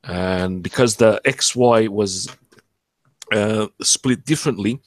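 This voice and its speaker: A man chatting casually on a stream, pausing often to search for words. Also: lowish voice, dry recording. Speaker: stream participant. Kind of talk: casual chat.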